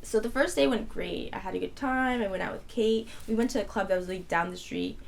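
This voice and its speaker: A young woman co-hosts a casual podcast, spilling a long story in an animated, rambling way full of "like" fillers. Her voice sits at a middling pitch. A faint hiss runs under the recording. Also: brisk, gravelly. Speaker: podcast co-host.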